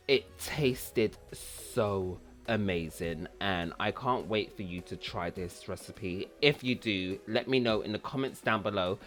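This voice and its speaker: A man's voice: lowish voice, fairly bright tone. A man hosting a casual cooking vlog, chatty and rambling, who repeats words for fun. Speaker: cooking channel host.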